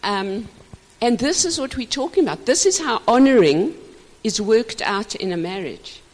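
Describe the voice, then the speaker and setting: An older woman teaching a couples session, her fairly high voice swooping up and down with passion. She laughs easily and talks with her whole self. The sound rings with the long echo of a large hall. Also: moderate pace. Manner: expressive and passionate, laughing often. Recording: reverberant hall.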